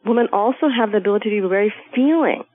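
A woman speaks slowly and calmly as a guest on a spiritual talk show, laying out her ideas in a measured way. Her voice comes through a thin, phone-like line. Now and then she playfully acts out little voices. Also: mid-range voice. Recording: phone-like narrow sound.

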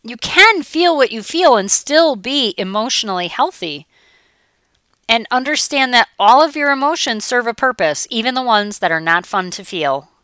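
A middle-aged woman coach talks in a chatty, animated way, slipping into her clients' voices. Her voice is bright and smooth, and the recording is dry and close with no room sound. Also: a little high, moderate pace, no room sound. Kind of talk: motivational talk.

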